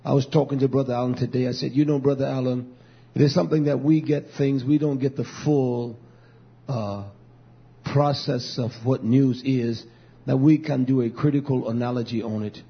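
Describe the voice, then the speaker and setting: A man preaching a fiery sermon, swinging between loud declarations and low, muttered asides. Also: steady tone, moderate pace, gravelly, slightly rough. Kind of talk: fiery street-style sermon. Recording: dull lo-fi recording.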